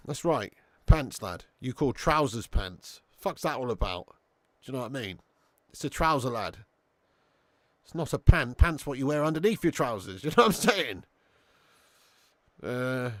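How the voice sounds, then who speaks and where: Streamer host: high-voiced man, loud, sweary football watch-along commentary, dry close sound. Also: no room sound. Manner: excitable, swearing, chatty with viewers.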